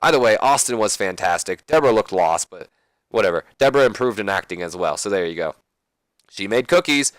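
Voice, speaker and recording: A man's voice: on the low side, animated, a little fast, dry recording. A young man casually recapping a wrestling game, rambling and swearing, correcting himself often. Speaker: let's play commentator.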